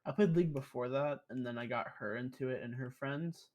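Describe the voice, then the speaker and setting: A man's voice: medium pitch, fairly quick. A young man, a podcast guest, telling rambling stories in casual, profane chat. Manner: profane, rambling, animated storyteller.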